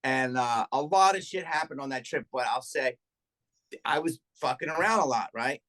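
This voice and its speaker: A middle-aged man, a comedian and podcast guest, telling profane, animated stories in casual chat and acting out what people said. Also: mid-range voice, normal speed. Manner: profane, animated anecdote telling with acted-out quotes.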